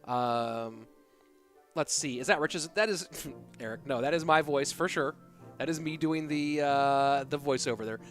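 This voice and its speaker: A man's voice: fairly high pitch, a little slow, fairly bright tone, soft background music. A man hosting an esports live stream, chatting in a laid-back, joking way. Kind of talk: casual live-stream commentary.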